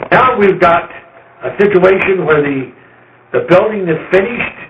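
A man's voice: sits high, expressive, unhurried, noisy background. A man giving an informal Bible study lecture, conversational and emphatic, repeating words to stress his points. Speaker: Bible teacher. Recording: roomy, dull lo-fi recording.

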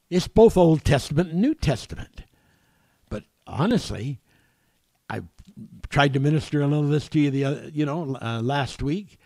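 A man preaching a sermon, halting and repeating words, growing forceful when reading scripture. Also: medium pitch, creaky, breathy edge, dry recording.

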